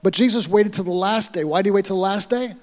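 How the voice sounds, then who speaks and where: In a church hall with a big-room sound, a man with an American accent from the United States delivers a sermon as a pastor. His voice sits high and moves fast as he tells a story, animatedly acting out the dialogue.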